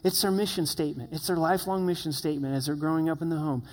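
A man's voice: a little high, racing, a little mellow, in a large hall. A man preaching a sermon as pastor, earnest and conversational, asking the listeners questions.

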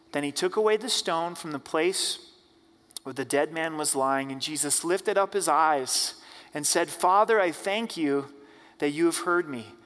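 A man preaching an Easter sermon as pastor, reading scripture aloud and then preaching on it with measured emphasis. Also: a little high, a bit bright. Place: church sanctuary. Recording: church hall with long reverb.

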